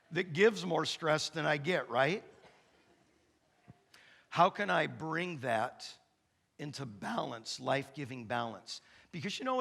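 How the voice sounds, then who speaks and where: A man in his fifties preaching a sermon as pastor, an animated storyteller who acts out the dialogue with big comic outbursts. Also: a little high, gravelly. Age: 50s. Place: church sanctuary.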